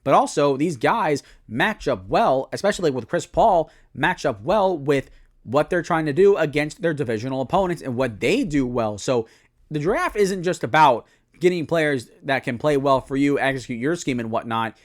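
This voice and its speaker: Young guy doing a football preview solo, voice jumps all over, kinda high. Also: moderate pace. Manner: animated, self-correcting analysis. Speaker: sports commentator.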